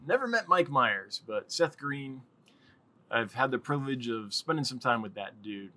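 A man's voice: mid-range voice, expressive, moderate pace, sharp tone. A man hosting a casual live stream, rambling and chatting with viewers and laughing often.

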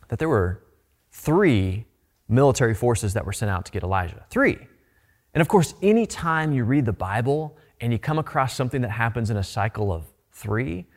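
Conversational, emphatic male pastor preaching. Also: mid-range voice. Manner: conversational and emphatic, with repeated phrases. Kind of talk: sermon.

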